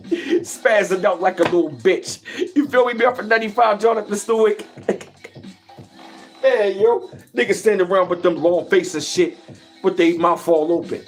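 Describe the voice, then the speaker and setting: A man's voice: high-pitched, normal speed, soft background music. A man talking boastfully in a casual vlog monologue. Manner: boastful, animated street talk with repeated slang. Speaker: vlogger.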